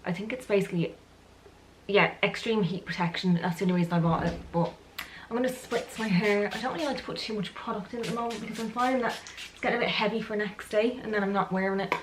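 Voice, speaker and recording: A woman's voice: medium pitch, quick pace, background noise. A young woman with an Irish accent, chatting through a day-in-the-life vlog, rambling and correcting herself with lots of ums. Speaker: vlogger.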